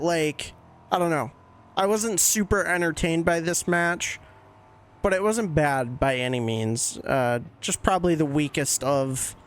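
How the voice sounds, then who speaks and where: A young man casually recapping wrestling shows as a podcast host, excitable and swearing freely, jumping into quick voices when he quotes people. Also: fairly high pitch.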